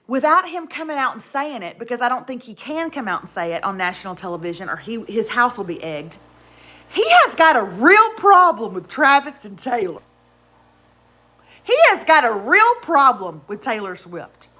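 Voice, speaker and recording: A woman, hosting a casual home livestream, chatty and animated, greeting viewers by name. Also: a little high. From Texas. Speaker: livestream host. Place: indoors at home.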